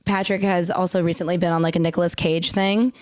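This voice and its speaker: A woman's voice: fairly low pitch, little pitch movement, fast talker. A woman comedian talking as a podcast guest in casual chat, often quoting herself and others playfully.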